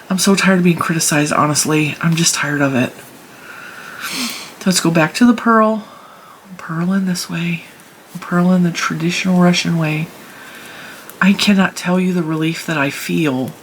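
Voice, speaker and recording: A woman's voice: sits low, slight background noise. A woman hosting her own knitting channel, talking casually and emphatically as she demonstrates stitches at home. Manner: chatty and emphatic, talks through her hands' work.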